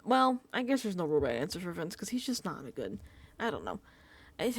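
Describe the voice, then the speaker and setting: A young woman talks through a reality show recap in a sassy, gossipy tone. Her pitch swings widely as she acts out what the contestants said. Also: wildly swooping pitch, moderate pace, pauses often, a little hiss or hum. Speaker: recap vlogger.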